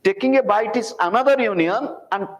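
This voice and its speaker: High-voiced Indian man in his sixties. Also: poor audio. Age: 60s. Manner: deliberate, repetitive phrasing with rhetorical questions. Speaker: spiritual teacher. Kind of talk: public spiritual talk.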